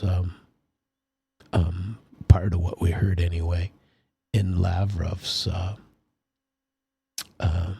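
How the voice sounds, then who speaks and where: A man's voice: low voice, vocal fry, mellow, breathy edge. A man hosting a political commentary show, talking casually and rambling with many fillers and restarts. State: sleepy, yawning.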